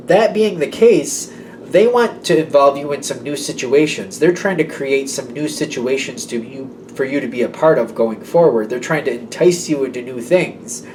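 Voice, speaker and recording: A man's voice: medium pitch, measured pace, darkish tone, slight background noise, rough recording. A man giving a casual tarot reading, rambling and correcting himself, often speaking the listener's imagined thoughts aloud. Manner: rambling, self-correcting, voices clients' thoughts. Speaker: tarot reader.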